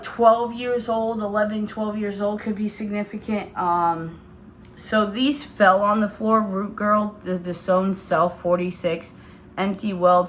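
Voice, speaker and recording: A woman's voice: mid-range voice, a little hiss or hum. A woman in her thirties giving a casual tarot reading to her viewers, chatty and loose, with lots of fillers. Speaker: tarot reader.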